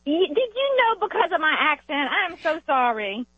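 A woman with a Southern US accent calling in to a radio show, polite and heartfelt, often pausing to restart. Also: high voice, sing-song, dry recording. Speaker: caller. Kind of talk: call-in radio conversation. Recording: tinny phone line.

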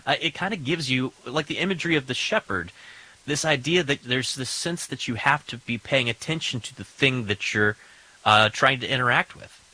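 A man hosting a radio talk show, asking his guest questions in a relaxed way full of fillers. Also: medium pitch, normal speed, husky, low-quality recording. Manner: relaxed, thinks aloud with fillers. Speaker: host. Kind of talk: conversational radio interview.

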